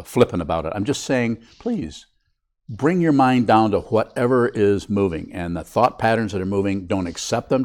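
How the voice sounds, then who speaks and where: Low-voiced older man giving a dharma talk. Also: a little mellow. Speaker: Buddhist teacher. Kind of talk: dharma talk to a meditation group.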